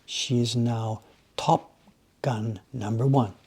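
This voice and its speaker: Guy with a raspy gravelly voice rambling to his stream viewers while carving woodblocks. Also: medium pitch, takes it slowly. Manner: rambling, animated storytelling, chats with viewers. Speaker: livestream host, woodblock carver. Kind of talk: casual chat while working. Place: workshop.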